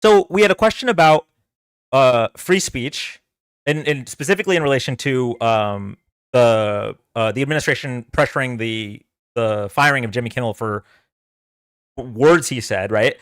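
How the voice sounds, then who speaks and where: A man's voice: mid-range voice, normal speed, smooth, no room sound, clean studio sound. A man giving casual, rambling reaction commentary on a live stream and talking to his chat. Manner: animated, rambling, talks to chat.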